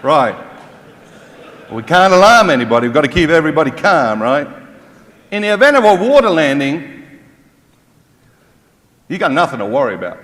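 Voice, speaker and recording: A man's voice: a little high, very animated, moderate pace, pauses often, a bit bright. A man giving a humorous motivational Catholic talk to a crowd, mocking and full of rhetorical questions. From Australia. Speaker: Catholic speaker. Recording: long hall reverb.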